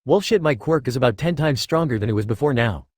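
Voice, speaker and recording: Guy reading as a cocky young swordsman who swears a lot, rattles it off fast, dry close sound. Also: mid-range voice, expressive, a little mellow, no room sound, close to an everyday voice. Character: young male swordsman hero, blunt and profane.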